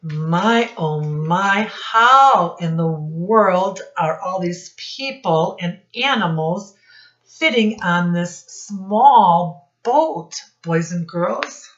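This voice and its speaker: A woman reads a picture book aloud to children, pausing often to quiz them like a teacher. Her voice is low and her pace is very slow. The sound is dull and lo-fi, in an echoey room. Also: animated, a bit bright. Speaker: children's storyteller.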